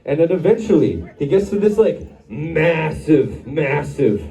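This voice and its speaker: A man's voice: on the high side, very animated, a little slow, mellow, faint music behind. A man fronting a band, cracking rambling jokes with the crowd between songs at a live bar show. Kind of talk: on-stage banter between songs. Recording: distant room mic over crowd and band.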